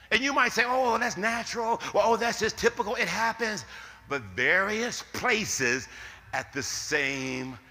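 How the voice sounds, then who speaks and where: A man preaching a sermon as pastor, swinging from loud outbursts to hushed, slowed lines. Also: fairly high pitch. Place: church sanctuary. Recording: echoey hall.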